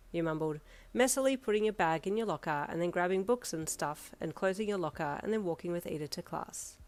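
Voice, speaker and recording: A woman reads a second-person fan fiction story aloud. Her delivery is relaxed and conversational, like casual storytelling. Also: fairly low pitch, a little fast. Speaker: narrator.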